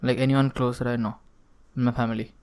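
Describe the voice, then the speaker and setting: A man's voice: mid-range voice, level tone, fast talker, darkish tone, clean tone. A young man co-hosting a casual podcast, joking at his own expense, swearing and filling his talk with "like". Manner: jokey and self-mocking, swears, fills talk with "like". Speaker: podcast co-host.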